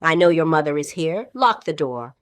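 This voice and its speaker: A woman reading the role of a weary, fragile young actress in a play reading, with heartfelt, halting delivery. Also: low-pitched, lively intonation, no echo. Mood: anxious.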